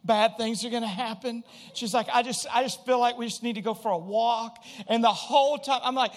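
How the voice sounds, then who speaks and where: High-voiced preacher telling a story. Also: male voice, normal speed, hardly any pauses. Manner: animated storytelling, acts out quotes, addresses congregation directly. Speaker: pastor. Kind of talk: sermon.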